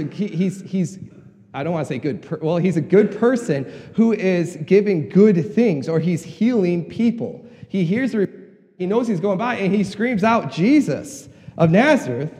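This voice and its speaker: A middle-aged man preaching a sermon, earnest, often repeating words and rising in pitch when he presses a point. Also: dark tone, in a large hall.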